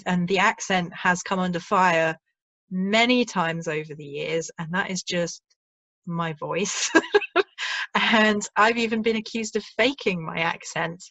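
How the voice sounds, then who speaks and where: A woman's voice: fairly low pitch, unhurried, a bit bright, no room sound. A woman, hosting a casual video chat and laughing often. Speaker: host.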